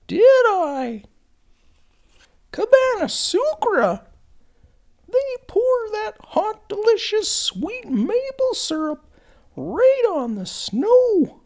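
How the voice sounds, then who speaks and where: A performer voicing Linda, a chirpy woman with a squeaky high voice who folksily mangles French phrases in a comedy sketch. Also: very animated, very slow, pauses often, a little mellow, full character voice. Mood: chatty.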